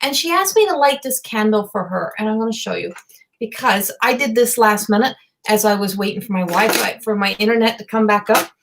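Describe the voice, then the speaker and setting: A psychic medium and tarot reader gives a live reading in a gravelly, mid-range woman's voice that is animated and a little fast, over a noisy background. She is earnest and emotive, rambling, repeating herself, and using many fillers.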